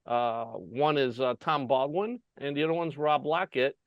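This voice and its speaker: An American man hosts a casual interview over a video call, telling lively stories packed with fillers and laughing often. His voice is medium in pitch and moves at a normal speed. The recording is dry and muffled.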